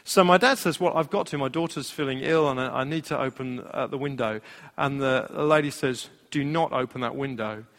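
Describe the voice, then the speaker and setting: A man preaching as a pastor, telling a personal story in an animated way. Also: mid-range voice, brisk. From Britain. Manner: storytelling, animated, laughing at his own anecdote. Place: church hall. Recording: long hall reverb.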